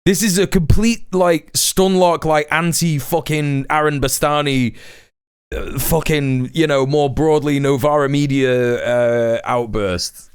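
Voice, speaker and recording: A man's voice: on the high side, steady tone, slow, clean tone, no echo, clean studio sound. A young British man streaming a reaction, mocking and exasperated, swearing often. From Britain.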